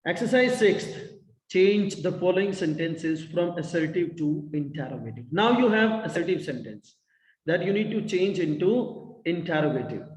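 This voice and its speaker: Male English teacher, high pitch, encouraging and repetitive, recorded in a roomy echoing space. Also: animated, moderate pace. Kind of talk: online class teaching. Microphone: video call. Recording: echoey room with long reverb.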